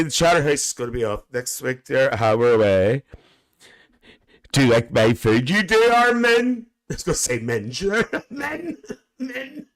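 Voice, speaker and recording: A man plays a cheeky older aunty, gossiping to live-stream viewers in a camp, rambling character chat. His voice is smooth and a bit bright, broken up by frequent cackles and shrill, high exclamations.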